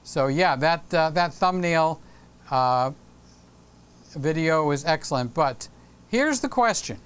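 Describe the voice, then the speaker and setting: A man's voice: fairly high pitch, expressive, slow pace, a bit bright, smooth. A middle-aged man hosting a live stream, chatting casually and teasing viewers by name as he reads their comments. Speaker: livestream host.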